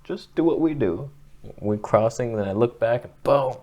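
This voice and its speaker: A man's voice: medium pitch, animated, normal speed, muffled recording. A young man chatting casually to camera, telling rambling, jokey stories and swearing now and then. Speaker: vlogger.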